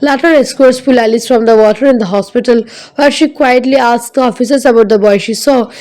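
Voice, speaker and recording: Higher-pitched woman narrating with a mellow tone. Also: a little fast, rough recording. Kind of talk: scripted film recap narration.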